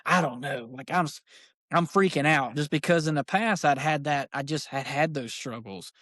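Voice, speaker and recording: Excited man telling a hunting story. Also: fairly high pitch, moderate pace, no echo, studio quality. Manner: excited, rambling, fillers like dude. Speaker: podcast guest, archery shop owner. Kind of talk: casual storytelling chat.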